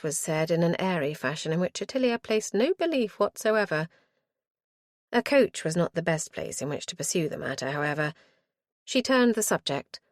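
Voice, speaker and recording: A woman narrating a period mystery audiobook in a measured, expressive way. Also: lowish voice, dry recording, studio quality. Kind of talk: scripted narration.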